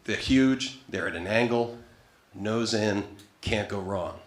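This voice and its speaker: A man's voice: lowish voice, slow pace. A man doing wry, profane stand-up comedy storytelling on a club stage into a handheld mic. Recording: echoey live club room.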